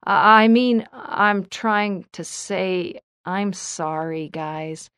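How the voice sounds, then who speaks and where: A woman voicing a gruff, bossy teenage boy bully in a storybook reading, with a blunt, snapping manner. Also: mid-range voice, measured pace, no echo, studio quality, close to an everyday voice. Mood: sheepish.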